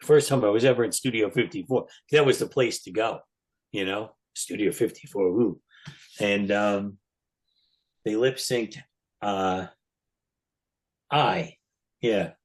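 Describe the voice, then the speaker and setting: A man, a podcast guest, telling an animated story and acting out the quotes loudly. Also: fairly low pitch, slow, long pauses.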